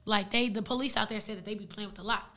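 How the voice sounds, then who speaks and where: A young woman whose first language is Arabic, casually retelling a story in an animated, slangy way as a podcast guest. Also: medium pitch, fast.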